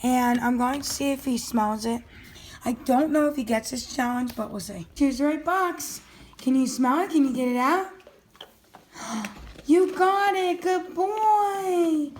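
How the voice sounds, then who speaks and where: A woman's voice: high-pitched, moderate pace, a little hiss or hum. A woman filming her dog at home, narrating casually and coaxing him with eager, encouraging talk. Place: at home, indoors.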